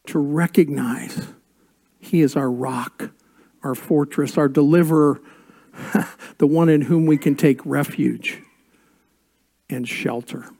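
Older guy pastor giving a sermon, slow and deliberate, pauses a lot, goes quiet on key words. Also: on the high side, creaky, breathy edge.

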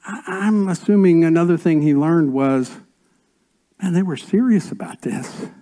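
A man delivers a sermon in a warm, mellow voice that sits a little high for a man. He swings from raised, emphatic passages down to soft, almost whispered asides, and he reads scripture aloud with feeling. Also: measured pace. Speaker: pastor.

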